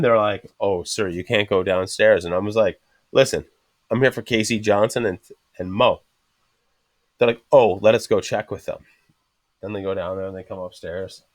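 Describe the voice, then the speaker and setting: A man's voice: on the low side, no room sound. A man hosting a casual podcast chat, swearing constantly and acting out the people in his stories as he tells them. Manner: swears constantly, animated storyteller acting out quotes. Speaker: podcast host.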